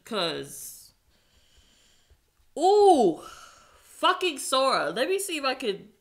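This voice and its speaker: A woman playing a video game and commenting casually, swearing and yelling excitedly at the screen. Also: medium pitch. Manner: profane, excitable, yells at the game. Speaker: gamer.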